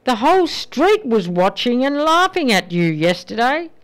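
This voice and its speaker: A woman voicing a teasing male neighbour in a joke, delivered slowly and emphatically in a smooth voice. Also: a little high, big pitch swings, pitched above the performer's own voice.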